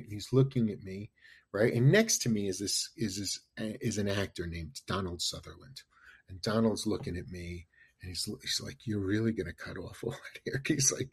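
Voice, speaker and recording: A middle-aged man from New York with a husky, slightly low voice, talking in a casual chat. He tells his stories in an excitable, animated way, stacking up asides and fillers as he goes. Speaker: podcast guest. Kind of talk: casual storytelling.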